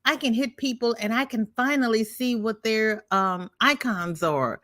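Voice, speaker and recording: A woman's voice: medium pitch, unhurried, hardly any pauses, a bit bright, no echo, clean studio sound. An older woman hosting a casual craft livestream, chatting and reading viewer comments aloud in a teasing, friendly way. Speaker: livestream host.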